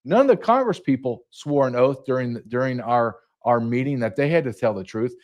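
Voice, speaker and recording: A man's voice: mid-range voice, animated, fairly quick, a little mellow, highs cut off. Heated man telling a story in an interview. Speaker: guest, retired border agent. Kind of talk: podcast interview.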